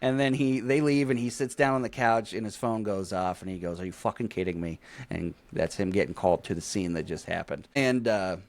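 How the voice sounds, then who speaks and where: A man's voice: on the low side, a little fast. A man co-hosting a casual movie podcast, swearing freely, laughing often and acting out scenes as he recaps the plot. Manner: profane, laughing, acts out scenes. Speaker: podcast co-host.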